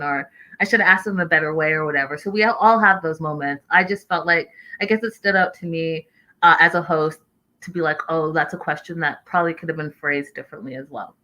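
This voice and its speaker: Chatty woman hosting a bright recap stream. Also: fairly low pitch, brisk, poor audio. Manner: chatty, reads out live chat messages. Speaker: host of a reality TV recap show. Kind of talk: casual live-stream recap with chat reading.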